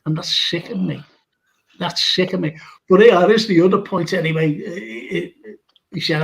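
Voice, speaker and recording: A podcast host rambles through an anecdote, often laughing as he talks. His voice is high, with vocal fry and a normal speed, and the audio quality is poor.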